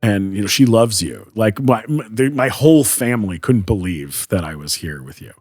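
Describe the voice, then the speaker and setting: A man's voice: fairly low pitch, expressive, normal speed, darkish tone, husky. A man from Canada telling a story casually as a podcast guest, acting out quotes and using many fillers.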